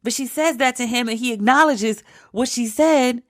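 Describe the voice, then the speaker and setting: A woman's voice: on the high side, normal speed. A woman hosting a podcast, recapping a TV episode in casual, profane, emphatic storytelling with quoted asides. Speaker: podcast host. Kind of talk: casual pop-culture commentary.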